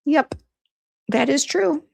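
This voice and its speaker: A beauty brand owner in her fifties hosts a casual live stream, talking frankly and reading viewer comments aloud in a self-deprecating, exclamatory way. Her voice is high and expressive, slow, gravelly and a little mellow.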